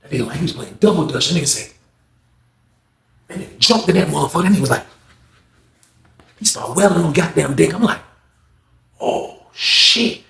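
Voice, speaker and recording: Brief: male storyteller, fairly high voice, acts out all the voices, roomy echoey sound. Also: lively intonation, fast, vocal fry, pauses often, slight background noise. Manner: acts out every character with loud raised voices, drops to hushed asides. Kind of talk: animated casual storytelling.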